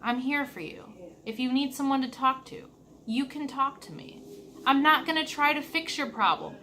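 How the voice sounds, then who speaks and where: A woman talking earnestly to her camera in a reflective vlog, stressing words by slowing down. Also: sits high, animated, sharp tone, a little hiss or hum. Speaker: vlogger.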